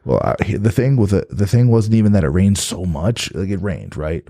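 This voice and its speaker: Deep-voiced man from New Jersey, swearing storyteller. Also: big pitch swings, normal speed, gravelly, mellow, dry recording, clean studio sound. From New Jersey, USA. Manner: rambling storyteller, swears freely. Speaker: guest. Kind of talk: casual chat.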